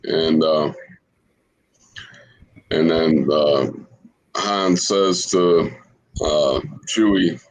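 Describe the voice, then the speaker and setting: A man's voice: low voice, fairly even intonation, very slow, pauses often, poor audio. A man co-hosting a podcast in casual chat, talking hesitantly with many fillers. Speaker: podcast co-host.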